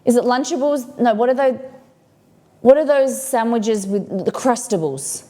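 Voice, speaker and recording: A woman's voice: fairly high pitch, a little slow, warm tone. A woman with an Australian accent hosting a casual cooking livestream from her home kitchen, chatting in a rambling way and answering viewer comments. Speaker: cooking stream host.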